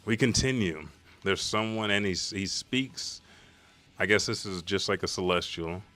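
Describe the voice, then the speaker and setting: A man hosting a live comic reaction stream, talking in a rambling, profane, excitable way. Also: low voice, normal speed.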